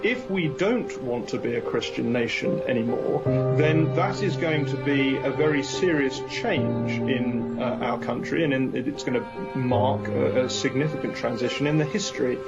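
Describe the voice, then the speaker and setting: A man giving a measured, halting speech. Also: medium pitch. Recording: dull recording over loud music.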